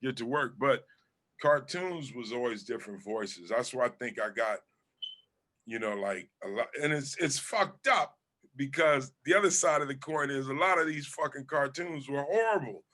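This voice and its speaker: A man from Southern California, a guest comedian chatting casually in an interview, telling animated stories and swearing freely. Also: mid-range voice, normal speed.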